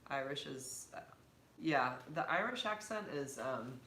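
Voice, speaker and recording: A woman co-hosting a casual live stream with a bright, forward voice. She talks in an animated, chatty way and laughs easily. The sound is roomy, with faint noise underneath. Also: rumbling low, a little slow. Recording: echoey room with faint background noise.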